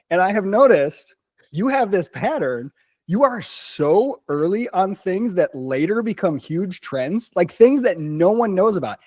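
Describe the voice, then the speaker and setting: A man hosting a casual podcast chat, animated and teasing, laughing often as he questions his friend. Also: high-pitched, no room sound. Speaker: podcast host.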